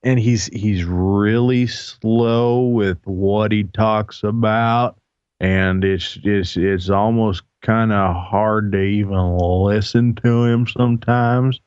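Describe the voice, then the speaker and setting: A man co-hosting a live talk show in casual chat, halting and repeating words as he tells a story. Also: on the low side, steady tone, darkish tone, clear, resonant tone, no echo. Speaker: co-host. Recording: dull lo-fi mic sound.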